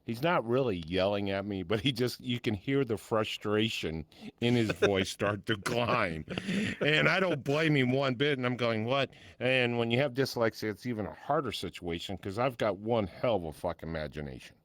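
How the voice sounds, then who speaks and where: A man's voice: on the low side, animated, normal speed, fairly bright tone, no echo. Blunt older man who swears freely. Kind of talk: casual podcast chat.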